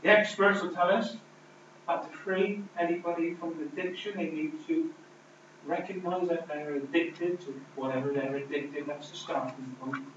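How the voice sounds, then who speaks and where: A man preaching a sermon, emphatic, swinging between loud declarations and hushed lines. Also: on the high side, slight background noise. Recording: distant, roomy, dull hall recording.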